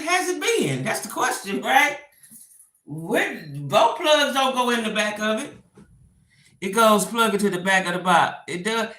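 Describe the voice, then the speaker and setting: Middle-aged woman, frustrated live-stream host; bright tone, recorded in a roomy space. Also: a little high, far from the mic. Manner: exasperated, talks to viewers directly. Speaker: vlogger. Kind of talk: casual live stream chat. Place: home room. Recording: roomy, away from the mic.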